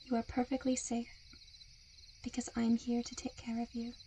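A woman's voice: a little high, completely flat delivery, moderate pace, slight background noise. Soothing woman in whispered role-play. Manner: soft, soothing hypnotic murmur; seductive, coaxing.

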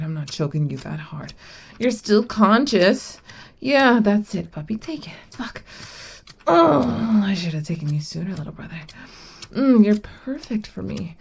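A woman playing a possessive, teasing older-sister figure in an adult audio role-play, speaking in a commanding, breathy manner. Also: on the high side, heavily acted.

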